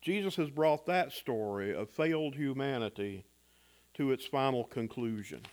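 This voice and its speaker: A man preaching a sermon in a measured, reflective way, pausing for effect. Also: mid-range voice, lively intonation, darkish tone. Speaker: pastor.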